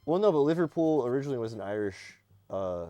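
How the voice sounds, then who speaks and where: A man's voice: medium pitch, sing-song, fast talker, dark tone, dull audio. An American man hosting a casual chat, joking and bantering with friends. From United States.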